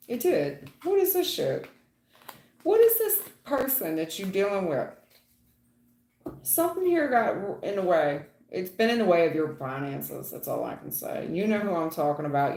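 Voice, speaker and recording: A woman with a gravelly edge gives a live-stream tarot reading in a chatty, folksy way. She calls her viewers honey and baby, and her voice rings in an echoey room. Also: on the low side, darkish tone. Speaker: tarot reader.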